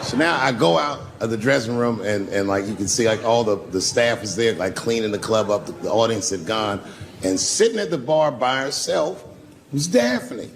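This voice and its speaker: Gravelly man doing profane stand-up. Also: medium pitch, expressive, a little fast, a little hiss or hum. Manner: profane storytelling that acts out other people's voices. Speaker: stand-up comedian. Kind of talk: stand-up comedy routine. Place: comedy club stage before a laughing audience. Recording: live club recording with long reverb.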